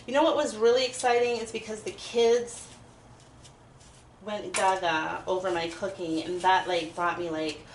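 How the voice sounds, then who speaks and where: A young woman rambles and giggles as she bakes. Her voice bounces around an echoey home kitchen. Knife chopping and clattering dishes are clearly heard behind her. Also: medium pitch, fairly even intonation, unhurried, slight background noise. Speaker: vlogger. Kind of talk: casual kitchen chat while baking. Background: chopping and clinking dishes.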